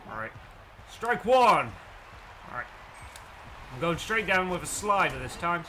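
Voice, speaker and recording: Excitable English man playing a game. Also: on the high side, normal speed, a crowd in the background. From England. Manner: excitable, cocky, talks to himself. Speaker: let's play gamer. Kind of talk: live gameplay commentary.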